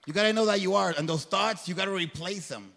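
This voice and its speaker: A man with a high, somewhat bright, creaky voice talks fast as a guest speaker before a live crowd in an event hall. He delivers a motivational faith talk in an earnest, preacher-like manner, using colloquial phrasing. The recording carries a long hall reverb.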